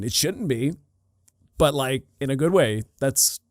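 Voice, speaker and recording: A man's voice: mid-range voice, animated, unhurried, dry recording, clean studio sound. A man co-hosting a podcast, chatting casually about a film with many fillers and restarts. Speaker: podcast co-host. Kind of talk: casual film review chat.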